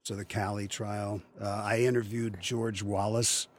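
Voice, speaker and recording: A man's voice: lowish voice, level tone, a little slow. A man in his seventies from Western Pennsylvania, a voice actor telling rambling, chuckling stories in an interview. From Western Pennsylvania, USA. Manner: rambling storyteller, chuckling, many restarts. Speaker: voice actor guest. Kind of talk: anecdotal interview chat.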